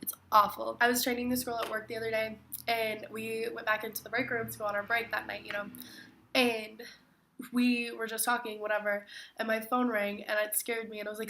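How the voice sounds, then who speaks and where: A woman's voice: medium pitch, level tone, brisk, a bit bright. A teenage girl, sick and stuffy, chatting casually to camera in a self-mocking way, saying "like" constantly. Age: teens. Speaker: vlogger. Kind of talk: casual chat.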